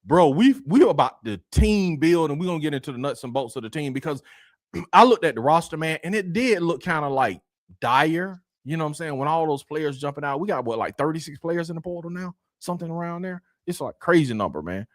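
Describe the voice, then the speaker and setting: Man as energetic sports show host, bright and swinging, dry close sound. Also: on the high side, a little fast, no room sound. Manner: animated, greets viewers by name, slangy. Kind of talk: casual sports chat.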